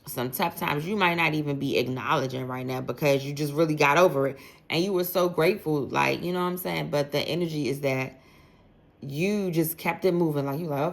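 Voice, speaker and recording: A woman tarot reader with a gravelly, low voice talks a little fast as she gives the zodiac signs a laid-back reading. Addressing each sign head-on, she keeps it conversational and slangy, with plenty of "like."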